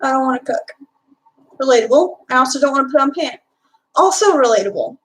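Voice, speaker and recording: A woman's voice: high-pitched, expressive, quick pace, a bit bright, a little hiss or hum, poor audio. A young woman from Texas with a Texan accent, chatting casually on a live stream and answering her chat. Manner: chatty, reads and answers chat, filler-heavy.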